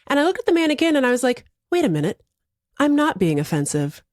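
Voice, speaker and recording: A woman in her thirties, a podcast co-host, telling a story in casual chat, animated and laughing as she acts out quotes. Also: a little high, quick pace, no room sound, studio quality.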